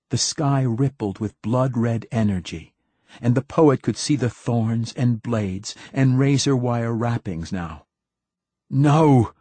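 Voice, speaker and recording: A man narrating an audiobook with a measured, dramatic reading. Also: mid-range voice, darkish tone, breathy edge, dry recording. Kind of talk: scripted narration.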